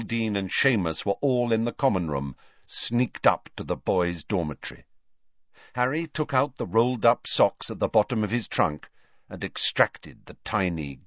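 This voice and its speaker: Expressive low-voiced male narrator. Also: dry recording. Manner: expressive, character-voiced reading. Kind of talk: audiobook narration. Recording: dull lo-fi dry recording.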